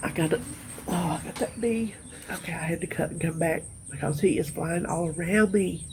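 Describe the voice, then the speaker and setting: There's background noise as a middle-aged woman on the low side of pitch talks to her viewers as a vlogger. Her chat is casual and rambling, emotional and weary, full of long pauses.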